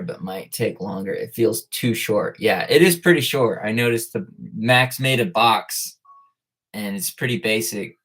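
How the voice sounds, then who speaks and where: A man's voice: fairly low pitch, gravelly, a bit bright, breathy edge. A man hosting a casual live stream, greeting viewers one by one and talking in a loose, easygoing way with plenty of "like" and "uh". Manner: laid-back, greets viewers by name, lots of "like" and "uh". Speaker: livestream host. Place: at school.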